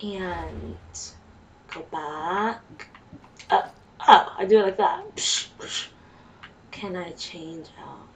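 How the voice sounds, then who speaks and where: A woman with a Jamaican accent and a gravelly, fairly low voice chats slowly through a game as a let's play streamer, very animated and exclaiming at what happens on screen. The mic sits a bit far from her, with a faint hiss behind her voice.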